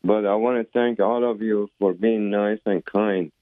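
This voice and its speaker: A man's voice: fairly low pitch, fairly even intonation, unhurried, no room sound. Emotional male caller on a phone line. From abroad. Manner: earnest, repetitive, hesitant. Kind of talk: phone call-in. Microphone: telephone. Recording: narrow telephone line.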